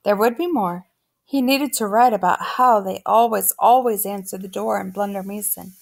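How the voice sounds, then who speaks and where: Woman narrator, children's novel read aloud, gravelly, steady. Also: mid-range voice, moderate pace. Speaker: audiobook narrator.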